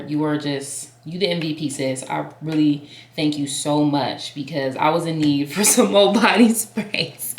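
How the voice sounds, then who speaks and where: Chatty young woman, low voice, echoey room. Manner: chatty, girlfriend-to-girlfriend talk, calls viewers girl and sis. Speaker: vlogger. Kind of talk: casual chat to camera. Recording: echoey room, faint noise.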